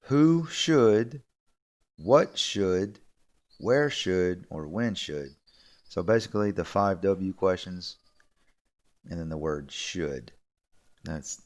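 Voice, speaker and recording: Low-voiced man teaching an English lesson. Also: slow, long pauses. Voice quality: relaxed, repetitive explaining. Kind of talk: recorded video lesson.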